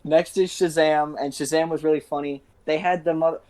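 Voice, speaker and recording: A young man co-hosting a casual podcast chat, excitable and swearing, laughing through his stories. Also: a little high, a little fast. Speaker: podcast co-host.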